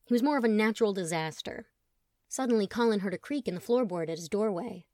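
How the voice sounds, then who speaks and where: Casting: expressive woman audiobook narrator, wry, dry close studio sound. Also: mid-range voice, fast talker, no echo.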